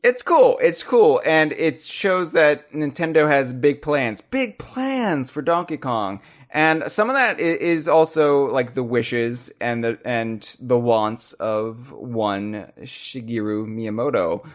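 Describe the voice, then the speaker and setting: A man hosting a casual podcast, talking fast with loud, animated bursts. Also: medium pitch. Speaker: podcast host.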